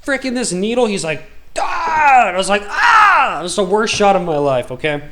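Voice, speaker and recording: A man hosting a gaming video, telling a long story in a rambling, animated, slangy way. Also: high voice, quick pace, a little hiss or hum. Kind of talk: casual storytelling while gaming.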